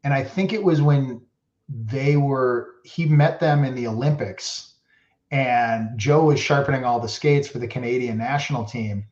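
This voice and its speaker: A man's voice: medium pitch, a little slow, darkish tone. Rambling man in a roomy dull recording. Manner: rambling, heavy use of "like". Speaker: podcast guest, former hockey player. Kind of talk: casual storytelling. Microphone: podcast mic. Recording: roomy, dull lo-fi podcast audio.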